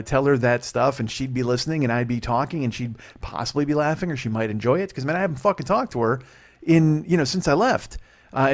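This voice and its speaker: A man in his forties talks fast through a solo podcast monologue. He rambles and swears constantly, restarts his sentences, and puts himself down with exasperated humor. His voice sits at an ordinary middle pitch for a man. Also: a little mellow. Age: 40s. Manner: profane, rambling rant with many restarts; self-deprecating, exasperated. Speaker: podcast host.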